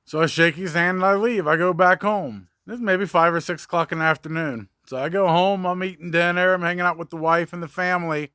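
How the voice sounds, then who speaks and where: High, sharp-voiced man telling a story. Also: fairly even intonation, a little fast, hardly any pauses, clean tone, dry recording, studio quality. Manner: blunt, profane, conversational. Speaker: mobile mechanic. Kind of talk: casual storytelling.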